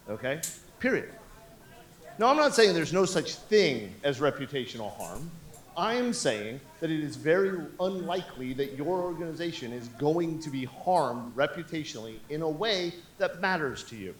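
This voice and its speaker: A man in his fifties talks from a conference stage with a fairly high voice. He is blunt and profane, and he mixes jokes into his points. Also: big pitch swings, normal speed. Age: 50s. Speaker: conference speaker. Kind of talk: conference talk.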